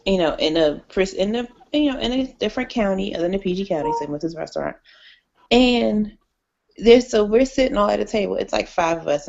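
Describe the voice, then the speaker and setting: A woman co-hosting a casual podcast, an animated storyteller who acts out the people in her stories. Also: on the low side, creaky, lo-fi sound. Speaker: co-host.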